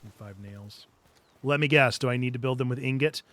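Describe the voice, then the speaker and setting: A man's voice: medium pitch, brisk, noisy background. A man streaming a video game, chatting casually and playfully talking to the creatures in it. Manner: playful, talks to the game creatures and reads chat. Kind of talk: casual gameplay commentary.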